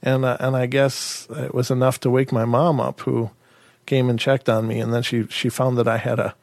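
Podcast host, male, mid-pitched, dry close sound, thinks aloud with rhetorical questions. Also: level tone, normal speed, gravelly, a little mellow, no room sound. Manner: musing, rhetorical questions, many restarts. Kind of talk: casual storytelling and sign-off.

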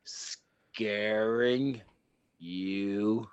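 A man voicing an angry, vengeful male dog in a robotic rig, with a deep, robotic voice and slow, menacing questions. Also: steady tone, slight background noise. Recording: dull lo-fi sound.

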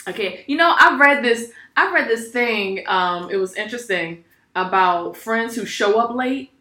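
Bright chatty woman guest. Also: a little high, animated, a little slow. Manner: chatty, quotes others in exaggerated voices. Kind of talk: casual chat. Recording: roomy.

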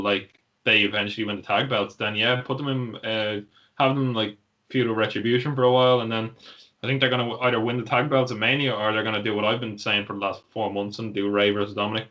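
A man rambles through wrestling talk as a podcast co-host, trailing off and restarting constantly. His voice is bright and forward. The audio is dull and lo-fi, like a call recording. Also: fairly low pitch. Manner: rambling, filler-heavy, laughs easily. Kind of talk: casual wrestling chat.

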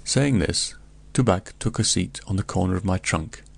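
A man reading a gothic tale aloud in the first person, in a measured, solemn way. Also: sits low, creaky, breathy edge. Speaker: audiobook narrator.

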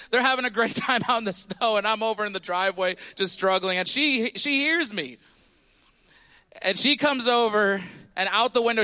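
A high, bright-toned man in his thirties preaches to his congregation. He tells an animated story and keeps calling out to the room for answers and responses. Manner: animated storytelling with audience call-outs. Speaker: pastor. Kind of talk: sermon. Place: church sanctuary.

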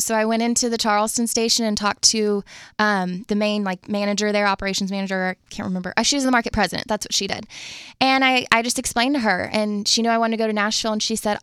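A woman's voice: a little high, brisk, bright, forceful tone, smooth, dry recording, studio quality. A woman guest who works in radio, sharing a personal testimony in casual chat with an earnest, reflective storytelling manner. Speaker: radio show guest, phone screener.

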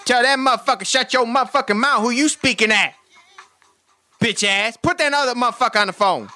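A man's voice: very high-pitched, brisk, faint music behind, heavily acted. A man putting on a hot-tempered cursing street guy. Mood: furious. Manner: loud, cursing, animated, swings from rage to sweet talk. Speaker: prank caller. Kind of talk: prank phone call.

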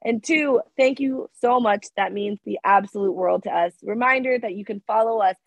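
A woman's voice: mid-range voice, moderate pace, no room sound. A woman co-hosting a podcast in casual chat, talking emphatically and repeating herself for emphasis, her voice sick. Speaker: podcast co-host. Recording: dry, dull lo-fi sound.

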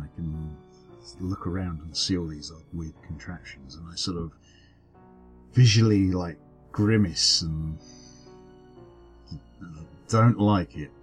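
A man playing a tabletop game, hesitant and unsure, with many fillers. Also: low-pitched. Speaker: player.

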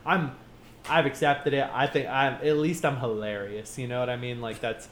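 A man chatting casually as a podcast co-host, joking and animated, jumping up in pitch for emphasis. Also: moderate pace, a little hiss or hum. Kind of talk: casual chat.

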